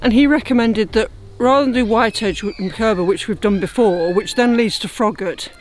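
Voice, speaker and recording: A woman's voice: on the high side, normal speed, a little mellow. A woman chatting casually to a friend's camera while out on a country walk, playful and self-mocking. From England. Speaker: walking companion. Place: outdoors on moorland hills. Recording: music playing underneath.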